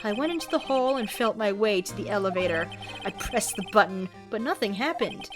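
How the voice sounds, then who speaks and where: A woman's voice: mid-range voice, animated, fairly quick, music in the background, close to an everyday voice. Woman voicing Manfred von Karma, ruthless old prosecutor. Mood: cold confessing. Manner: bellowing, theatrical rage. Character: arrogant older male prosecutor, ruthless.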